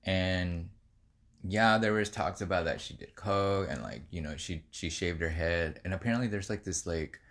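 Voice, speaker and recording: A man's voice: sits low, moderate pace, a bit bright. A man co-hosting a podcast, rambling casually with lots of fillers. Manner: rambling, many fillers, laughs easily. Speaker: podcast co-host. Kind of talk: casual chat.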